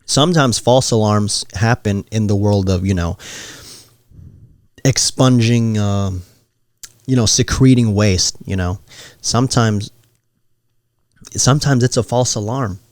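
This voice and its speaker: A man's voice: on the low side, a little slow, pauses often, no room sound. A young man hosting a solo podcast, telling stories in a rambling, joking, slangy way. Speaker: podcast host.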